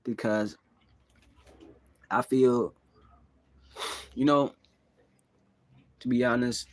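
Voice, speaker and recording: Young man, vlogger, rambling, musing, casual slang, mid-pitched, dry close sound. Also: steady tone, drawn-out words, no room sound. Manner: rambling, musing, full of "like" and "bro". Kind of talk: casual confessional monologue.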